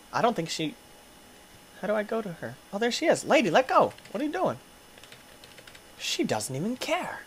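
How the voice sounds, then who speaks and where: A young man hosting a gaming video, giving excitable play-by-play commentary, often yelping, screaming at in-game injuries and laughing. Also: very high-pitched, fairly quick, husky. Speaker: gaming channel host.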